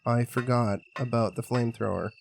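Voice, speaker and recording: A man's voice: mid-range voice, steady tone, normal speed, gravelly, soft background music. A man streaming a horror game, chatting casually with his viewers in a rambling, profane, joking way. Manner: rambling, profane, jokey, talks to chat. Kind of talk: casual gameplay commentary.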